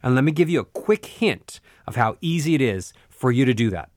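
A middle-aged man, a voice coach, explaining vocal exercises step by step in a clear, patient way. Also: medium pitch, animated, fairly quick, darkish tone, no echo, studio quality. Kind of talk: spoken instruction with vocal exercises.

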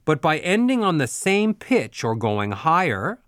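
A man's voice: fairly high pitch, very animated, a little slow, a bit bright, dry recording, studio quality. A man teaching voice exercises in an instructional recording, explaining and then demonstrating sung and mimicked examples. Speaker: voice coach. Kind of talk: instructional narration.

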